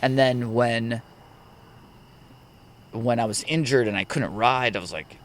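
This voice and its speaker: A man hosting a casual podcast, talking reflectively with halting restarts. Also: medium pitch, slight background noise. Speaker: podcast host.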